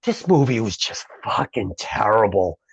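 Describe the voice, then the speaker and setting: A podcast co-host tearing into a movie with foul-mouthed, animated rants. The pitch swings widely from line to line. The sound is dull and lo-fi but close and dry. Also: measured pace, husky, no room sound. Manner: profane, ranting, animated. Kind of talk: casual movie review chat.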